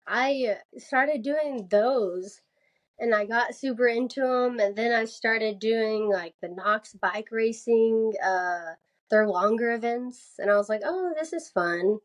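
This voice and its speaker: A young woman from the American South chatting casually as a podcast guest, laughing often and filling her speech with "like". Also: on the high side. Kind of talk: casual interview chat.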